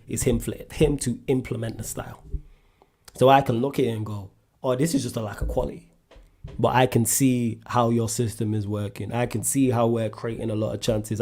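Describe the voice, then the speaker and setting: A man hosting a solo sports question-and-answer show, talking in a blunt, animated way and climbing sharply in pitch when he drives a point home. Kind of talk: casual sports chat.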